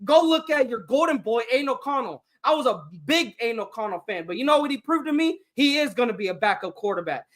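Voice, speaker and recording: A man ranting with real frustration about his football team, swearing as he goes. His voice is bright and forceful, pushing hard on each complaint. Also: extremely high pitch, lively intonation, quick pace, hardly any pauses. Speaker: fan podcast host. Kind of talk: heated sports rant.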